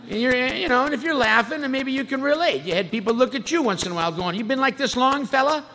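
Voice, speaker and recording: A man's voice: extremely high pitch, animated, fast talker, sharp tone. A man from California's San Fernando Valley, sharing his life story at a recovery meeting with wisecracks and acted-out voices. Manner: wisecracking, acts out quoted voices. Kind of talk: humorous personal storytelling. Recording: reverberant hall, faint background noise.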